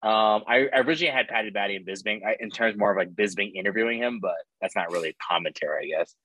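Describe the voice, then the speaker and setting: A man's voice: lowish voice, quick pace, pushed and bright, no room sound, low-quality recording. Man, podcast host, casual, fillers, dry close mic. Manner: laid-back, leads segments with fillers. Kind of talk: casual chat.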